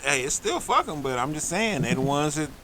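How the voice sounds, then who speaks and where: Bright-voiced man trash-talking sports. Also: fairly high pitch, sing-song, brisk, a little hiss or hum, rough recording. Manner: loose, joking, trash-talking rival teams. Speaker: podcast co-host. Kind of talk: casual sports banter.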